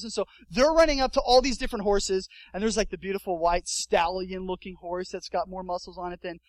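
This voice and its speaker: Man, young adult, pastor, sermon, high voice, dry close sound, animated storytelling. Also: quick pace, dry recording, low-quality recording. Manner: animated storytelling with acted-out quotes.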